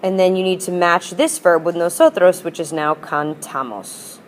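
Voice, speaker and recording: A woman teacher explains grammar with patient, upbeat energy and models example phrases. Her voice sits a little low. A faint hiss runs under the recording. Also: fairly even intonation, moderate pace. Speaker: Spanish teacher. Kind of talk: recorded classroom lesson.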